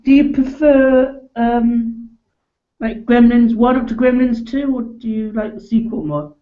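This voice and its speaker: A woman's voice: on the high side, unhurried, phone-quality sound. A woman co-hosting a casual live chat, asking chatty questions with hesitant fillers. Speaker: co-host.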